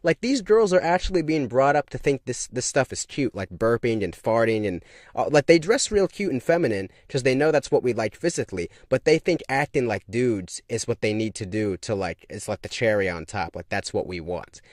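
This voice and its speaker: A man's voice: medium pitch, expressive, normal speed, no room sound, studio quality. A man delivering a casual monologue full of emphatic, repeated rhetorical questions. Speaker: online commentator.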